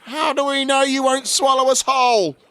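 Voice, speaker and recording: A man's voice: extremely high pitch, drawn-out words, sharp tone, a little hiss or hum, voice pushed up, heavily acted. A man voicing a nervous, whiny little boy. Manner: whiny, fearful.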